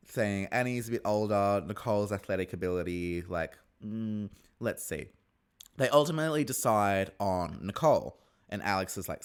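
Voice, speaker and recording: A man giving a casual, chatty episode review, acting out the contestants with sudden high-pitched squeals. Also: clean tone. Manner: chatty, animated, jumps into high squeals when excited. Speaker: reality TV recap host.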